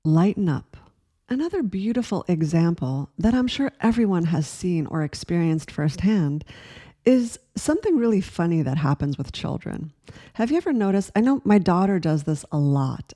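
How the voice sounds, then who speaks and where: A woman in her forties speaks in a gentle, earnest way, the way a spiritual teacher talks to viewers, and often puts questions to the listener. Her voice is mellow and warm, with a soft, breathy edge. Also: lowish voice, animated, moderate pace. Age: 40s. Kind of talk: reflective spiritual talk to camera.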